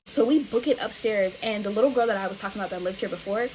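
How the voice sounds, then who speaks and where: A woman's voice: on the high side, fast talker, background noise. A young woman from the United States, casually telling scary stories at home while playing with slime, talking expressively and calling her viewers y'all. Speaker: storyteller. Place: indoors at home.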